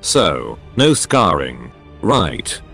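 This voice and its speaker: A man's voice: a bass voice, huge pitch swings, drawn-out words, gravelly, a bit bright, soft background music, voice pushed down, exaggerated voice. A synthetic male voice reading the lines of a weak, bedridden young woman without changing voice.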